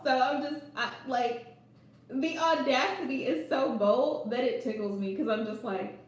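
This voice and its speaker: Woman tarot reader, high voice, sarcastic livestream chatter, mic set back in a very echoey room. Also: measured pace. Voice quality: sarcastic, laughing often. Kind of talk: casual livestream chat.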